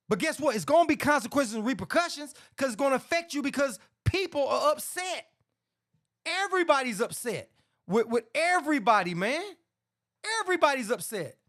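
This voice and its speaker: This casual boxing commentary rant comes from a middle-aged sports talk show host whose voice is extremely high with lively intonation, a brisk pace, and a fairly bright tone. He gets heated, swears bluntly, and keeps saying "man."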